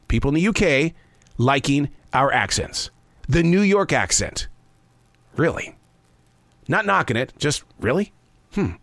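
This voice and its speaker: A man's voice: fairly high pitch, a bit bright, dry recording. A man in his sixties hosting a scripted spoken essay, folksy and conversational with playful asides. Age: 60s. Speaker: host. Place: living in the American South.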